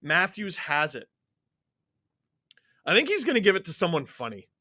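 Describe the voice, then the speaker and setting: A man hosting a live watchalong stream, excitedly reading out viewer names and swearing freely. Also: high-pitched, normal speed, dry recording, studio quality.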